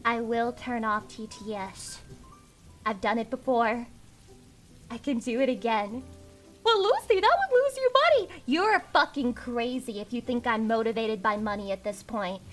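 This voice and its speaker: A woman's voice: fairly high pitch, a little slow, soft background music. A young woman streaming live, chatting with her viewers in a profane, teasing rant while underslept. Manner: profane, ranting, teasing chat. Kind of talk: casual livestream chat.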